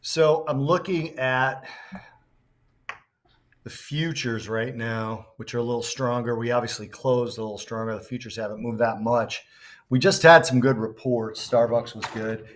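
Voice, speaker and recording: A man's voice: medium pitch, steady tone, normal speed. A man co-hosting a casual market show, talking through futures and economic data in a playful but analytical way. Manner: playful, teasing, then analytical.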